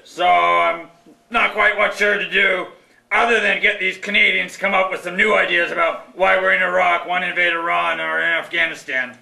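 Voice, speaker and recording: A domineering, scheming adviser puppet from a live puppet show, voiced by a man. The voice is high and gravelly, with a bright edge, and it bounces around an echoey hall. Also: fairly even intonation, moderate pace, heavily acted. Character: scheming male political adviser puppet, bossy. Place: hall in a labor center.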